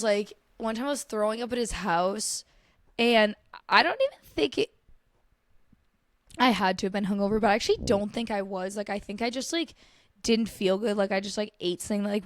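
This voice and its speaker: A woman's voice: medium pitch, a little fast, no echo. A young woman hosting a podcast alone, rambling casually about TV and food with lots of "like" and swearing, dramatic and gushing. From United States. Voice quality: chatty, profane, filler-heavy with lots of "like". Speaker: podcast host. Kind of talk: casual solo chat.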